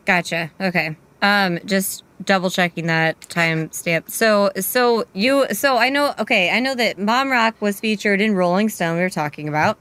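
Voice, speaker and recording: Smooth-voiced woman hosting a podcast. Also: medium pitch, moderate pace, few pauses, a bit bright. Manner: friendly, chatty, asks questions. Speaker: podcast host. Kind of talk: casual interview.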